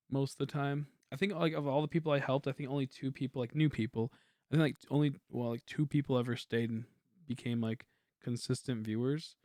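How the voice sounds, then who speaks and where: A young man chatting casually on a game stream, quiet and rambling, humming between thoughts. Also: mid-range voice, no echo, clean studio sound. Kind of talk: casual livestream chat while gaming.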